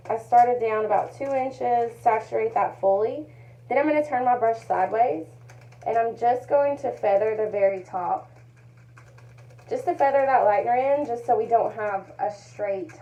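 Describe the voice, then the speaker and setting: A woman giving a calm, methodical step-by-step tutorial, narrating each move and repeating her key points. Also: medium pitch, a little hiss or hum, low-quality recording. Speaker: hair color educator.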